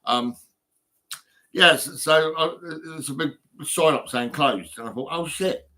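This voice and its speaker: A man's voice: on the high side, takes it slowly, pushed and bright. A man vlogging at home, rambling casually with lots of fillers and the odd swear.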